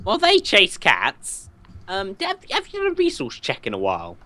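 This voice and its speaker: Brief: gamer, jokey banter, very animated pitch. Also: moderate pace. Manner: jokey, teasing. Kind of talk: casual gaming chat.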